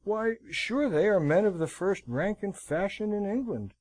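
A man voicing an earnest, hot-tempered young gentleman in an audiobook, protesting indignantly. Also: high voice, animated, a little slow, voice pushed up, poor audio.

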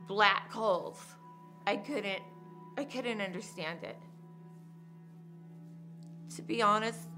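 A woman giving documentary interview testimony as a crime survivor, in a measured, halting, hushed way. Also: medium pitch.

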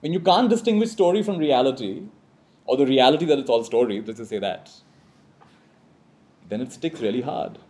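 A man with a mellow, warm tone teaches a live audience in a reflective spiritual talk. He leads call-and-response phrases and keeps checking in with a quick "right?". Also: mid-range voice, lively intonation.

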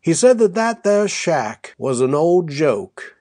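A man's voice: fairly high pitch, sing-song, slow, warm tone, no echo, clean studio sound, heavily acted. A man reading an audiobook, voicing a folksy young frontier husband who talks in a rustic drawl and coaxes his wife with a homespun tale. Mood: yarn-spinning. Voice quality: rustic drawl with dropped endings. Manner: coaxing, homespun storytelling.

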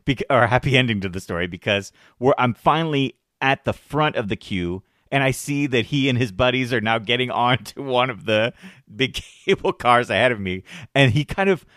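A man's voice: medium pitch, normal speed, no echo, studio quality. A man in his thirties, co-hosting a podcast, telling a story in casual chat and acting out the voices of the people in it. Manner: animated, acts out quoted voices. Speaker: podcast host.

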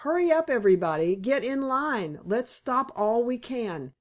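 A woman reading the part of a lively, encouraging pioneer mother in an audiobook. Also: fairly high pitch, moderate pace, pitched above the performer's own voice.

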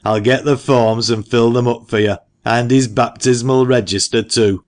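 A man voicing a brusque, sharp-tongued old male parson in an audiobook, loud and scolding. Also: mid-range voice, steady tone, moderate pace, natural voice. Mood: brisk. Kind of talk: audiobook character reading.

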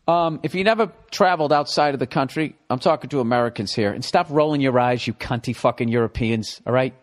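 A middle-aged man with a Boston accent, hosting a podcast with a profane, animated comedic ramble. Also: mid-range voice, fast. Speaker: podcast host.

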